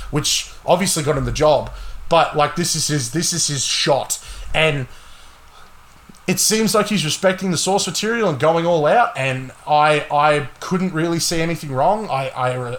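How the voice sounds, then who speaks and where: A young man hosting a casual gaming podcast, talking excitedly and swearing a lot. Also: a little high, normal speed. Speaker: podcast host.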